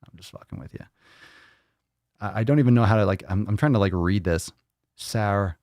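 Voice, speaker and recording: A man's voice: lowish voice, fairly quick, a little mellow, dry recording, clean studio sound. A man hosting a casual fitness livestream, reading viewer comments aloud, joking, teasing and swearing freely as he plays with how names are said.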